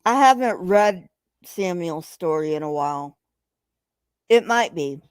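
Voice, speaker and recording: Slow, emphatic woman ranting on a livestream. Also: on the low side, animated, smooth, no echo. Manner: emphatic, profane and agitated, talking to chat. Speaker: livestream host reading chat. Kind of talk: casual livestream commentary.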